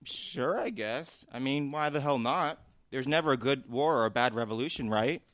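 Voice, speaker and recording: A man's voice: mid-range voice, normal speed, fairly bright tone, no room sound, clean studio sound, lightly acted. A man voicing a crude, easily confused young thief in an audio drama, blunt and swearing.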